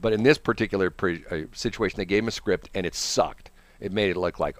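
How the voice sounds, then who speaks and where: A low-pitched man talks fairly quickly, with no echo, from a radio studio. He hosts a radio show and is described as "a man with a St.", rambling through casual on-air banter and acting out quotes in put-on voices.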